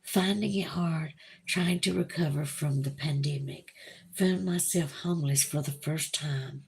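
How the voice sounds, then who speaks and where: A woman's voice: sits low, a little slow, vocal fry, a little mellow, slight background noise. A woman with a Southern US accent hosting a livestream, reading viewer comments aloud in a gushing, emotional, chatty way. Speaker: livestream host. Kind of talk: casual live chat reading viewer comments.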